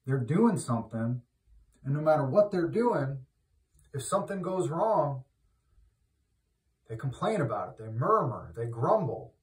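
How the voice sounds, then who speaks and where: A man preaching in a loose, conversational way, talking from the everyday and rising into loud, emphatic exhortation. His voice sits in a mid register and carries a roomy echo, since he stands some way back from the mic. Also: medium pitch, big pitch swings, measured pace, pauses often, distant mic. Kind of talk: informal sermon.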